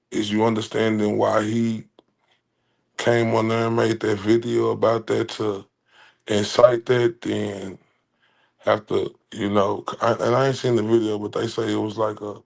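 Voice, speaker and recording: A man's voice: lowish voice, vocal fry. A man giving casual commentary, chuckling between phrases and often repeating himself. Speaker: commentary vlogger.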